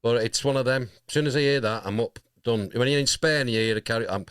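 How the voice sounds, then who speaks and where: A man's voice: mid-range voice, fast, a bit bright, clean tone, dry recording, studio quality. A man hosting a casual interview, chatty and rambling, calling his guest mate. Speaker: radio interviewer.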